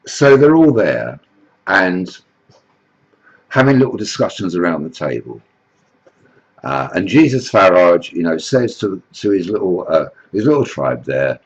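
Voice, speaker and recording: Man, rambling comic storyteller, lively delivery, husky voice. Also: low voice, unhurried, dull audio. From England. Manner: rambling, full of "you know" and "like". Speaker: blogger telling a satirical story.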